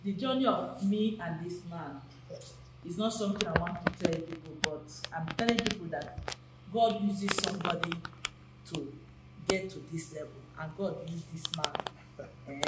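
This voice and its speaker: A woman's voice: fairly low pitch, moderate pace. A woman, telling a long story to guests and acting out what people said. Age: 50s. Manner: animated, acts out quoted voices. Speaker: actress and costumier. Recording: echoey room with faint noise.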